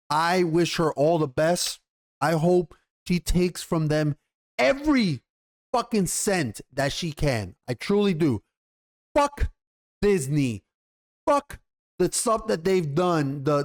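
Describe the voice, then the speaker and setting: A man hosting a commentary video, ranting heatedly with lots of swearing and rambling restarts. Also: on the high side. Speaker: YouTube commentary host.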